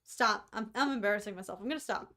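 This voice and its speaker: A woman's voice: medium pitch, fast, sharp tone. Chatty self-deprecating woman co-host. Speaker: co-host of a fan podcast livestream. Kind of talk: casual chat.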